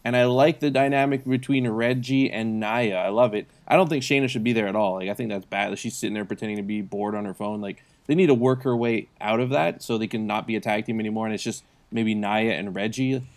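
A man co-hosting a wrestling podcast, giving long, opinionated, casual takes. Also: fairly low pitch. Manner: opinionated, rambling, drawn-out phrases. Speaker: podcast co-host.

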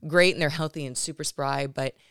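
A woman's voice: low voice, steady tone, brisk, fairly bright tone, smooth, no room sound, clean studio sound. A woman hosting her own podcast, talking earnestly and emotionally about her life, with lots of fillers and restarts. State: near tears at times. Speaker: podcast host. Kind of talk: personal reflective monologue.

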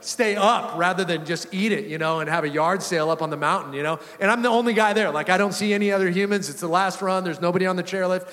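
A male pastor preaching a sermon in a relaxed, conversational way, telling a story with frequent chuckles. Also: sits high, fast, few pauses. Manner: conversational, animated, chuckling often. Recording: long reverb of a church hall.

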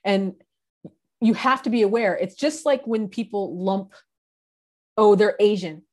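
A woman's voice: mid-range voice, measured pace, darkish tone. Woman from san diego talking casually, earnest, explains things. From San Diego, United States. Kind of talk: casual conversation.

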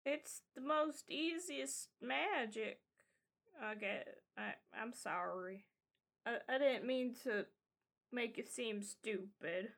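A woman's voice: on the high side, takes it slowly, vocal fry, fairly bright tone, exaggerated voice. A woman voicing an eager, timid little boy who stammers and hesitates in a tabletop game. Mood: apologetic.

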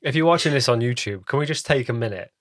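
A man's voice: mid-range voice, animated, fast talker, no echo, studio quality. A man co-hosting a podcast, teasing and bantering in casual chat. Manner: joking, teasing, playful banter. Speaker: podcast co-host.

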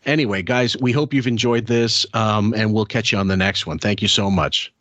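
A man with a fairly low voice co-hosts a podcast and talks in loose, hesitant rambles, restarting his sentences as he goes. The sound is dry and close, with no room echo. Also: moderate pace, a bit bright. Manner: rambling, hesitant, self-correcting. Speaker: podcast co-host. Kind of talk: casual podcast chat.

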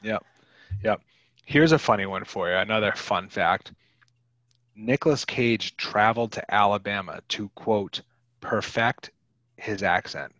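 A man's voice: lowish voice, unhurried, a bit bright, no room sound. A man hosting a podcast, chatting casually about a film in a rambling, wry way. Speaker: podcast host.

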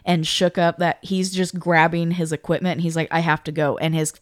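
A woman with a low, smooth voice retells a story in casual podcast chat. She acts out what people said. The sound is close and dry. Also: fairly quick, dry recording. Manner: animated storyteller, acts out quotes. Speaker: podcast co-host.

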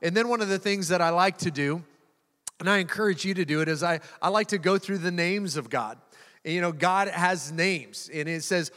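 A man's voice: fairly high pitch, moderate pace, fairly bright tone. A man preaching a sermon as a pastor, moving into spoken prayer and repeating words as he builds emphasis. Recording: long hall reverb.

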